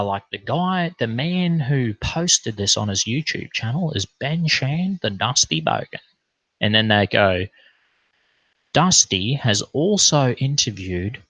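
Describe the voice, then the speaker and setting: A man's voice: lowish voice, a bit bright, no echo, poor audio. A young Australian man ranting bluntly and profanely in a casual rambling monologue to his online viewers. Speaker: online streamer.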